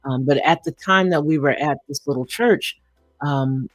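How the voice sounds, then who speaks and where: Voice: mid-range voice, normal speed, no echo. A live-stream host telling a personal story in a reflective way, often chuckling and using fillers.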